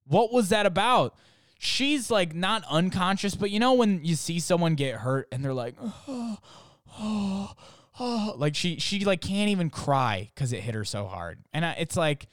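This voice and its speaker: A man's voice: a little high, lively intonation, normal speed, hardly any pauses, smooth, dry recording, studio quality. A man telling a funny story in a casual, rambling way, full of fillers and restarts.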